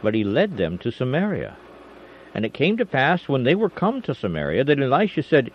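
A man reading scripture aloud in a dramatic, expressive way, with shifting emphasis and slight stumbles. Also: medium pitch, brisk. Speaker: scripture reader. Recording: dull lo-fi recording, faint hiss.

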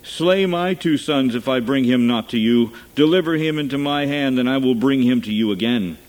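A man's voice: medium pitch, normal speed, a little mellow, natural voice, rough recording. A man reading as an earnest elder brother. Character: earnest eldest brother, pleading.

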